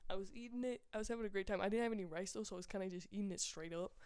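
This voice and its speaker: A man co-hosting a podcast, telling stories in an offhand, deadpan casual way. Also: sits high, very fast, clean tone, dry recording, clean studio sound. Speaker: podcast co-host. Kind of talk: casual chat.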